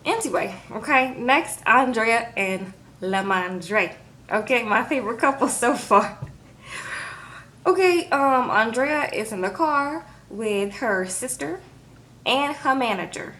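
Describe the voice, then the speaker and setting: Give me an animated woman with a slightly high voice doing a sassy reality TV recap vlog, with a faint noise behind her. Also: slow. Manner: animated, sassy, acts out quotes, tags lines with "okay?".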